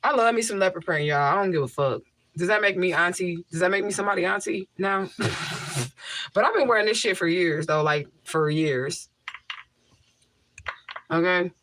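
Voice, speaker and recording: A woman hosting a casual livestream reads out and answers viewer comments, her lowish, fairly bright voice moving at a moderate pace with frequent pauses. She talks into a mic covered by a homemade tissue filter, with no room sound. Blunt by nature, she repeats things for emphasis.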